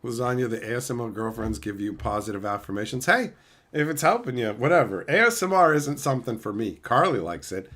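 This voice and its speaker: A relaxed male streamer chatting casually with his viewers, reading their messages aloud and joking along. His pitch moves a lot, bouncing up and down as he riffs. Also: brisk. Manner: laid-back, joking, reads chat aloud. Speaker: streamer host. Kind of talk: casual livestream chat.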